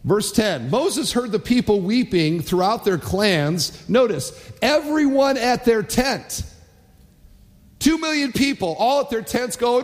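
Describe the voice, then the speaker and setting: Animated high-voiced male pastor preaching. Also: unhurried, long reverb tail. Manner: animated, acts out quotes, rhetorical questions. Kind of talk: sermon.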